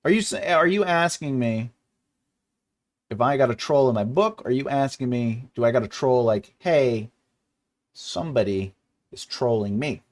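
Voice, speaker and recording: A man in his forties hosts a casual livestream chat with his viewers, speaking at normal speed in a medium-pitched voice. He rambles, jokes around, and laughs often.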